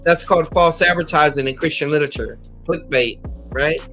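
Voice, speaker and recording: A man's voice: on the high side, fairly quick, sharp tone, soft background music. An American man teaching a methodical Bible lesson, citing chapter and verse with occasional slips. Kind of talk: scripture lesson.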